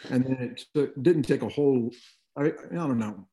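A middle-aged man, appearing as a guest in a conversational interview, reflects on things and often drops in "you know" asides. His voice is mid-range and warm, at a normal speed.

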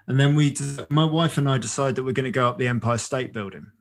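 A man in casual conversation, telling lively stories and often asking "right?". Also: mid-range voice, fast talker. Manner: animated storyteller, says "right?" often. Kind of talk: casual chat. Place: photographer who travels with a camera.

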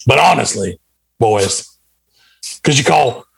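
A man's voice: medium pitch, lively intonation, slow pace, vocal fry, husky, full character voice. A man doing a bragging macho newsman wannabe. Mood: swaggering. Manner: brags and insults, bossy.

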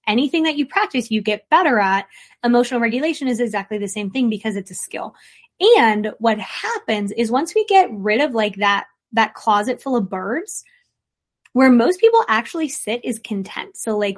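A woman therapist hosting a podcast, talking in a casual, blunt way, swearing freely and tossing in playful asides. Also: medium pitch. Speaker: licensed therapist, podcast host.

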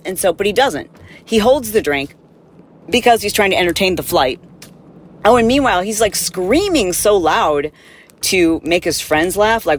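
A woman hosting a podcast, telling an animated, exasperated story in a casual monologue and acting out the people in it. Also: fairly low pitch, moderate pace, a little hiss or hum. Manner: animated, exasperated, acts out quotes. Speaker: podcast host.

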